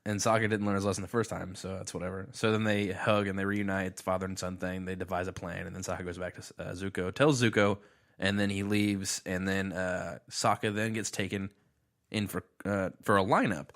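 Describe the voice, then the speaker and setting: A man co-hosting a casual podcast, joking around and retelling cartoon scenes with quick voiced quotes. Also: low voice, little pitch movement, a bit bright. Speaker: podcast co-host. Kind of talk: casual chat recapping a cartoon episode.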